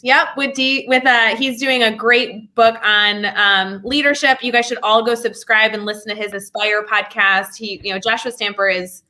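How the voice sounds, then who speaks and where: A woman educator chats as a podcast guest, quick and animated. Her voice sits a bit high and rings bright and forceful. She jumps into playful voices when retelling stories. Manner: quick, animated, acts out quotes. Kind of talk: casual chat.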